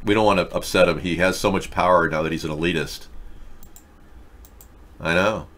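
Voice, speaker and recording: A man's voice: sits low, steady tone, moderate pace, fairly bright tone. A man hosting a casual political commentary show, reading headlines aloud with sarcastic, mocking asides. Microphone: webcam setup.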